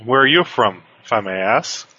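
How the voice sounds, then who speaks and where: A man's voice: mid-range voice, lively intonation, moderate pace, sharp tone, breathy edge, highs cut off, pitched below the performer's own voice. A man voicing a curious male stranger in a tabletop game, asking polite questions.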